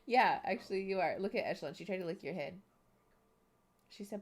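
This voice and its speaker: A woman's voice: medium pitch, animated, a little fast. A woman therapist chatting casually on a live stream, chatty and self-deprecating, laughing often. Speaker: therapist streaming a reality-show reaction.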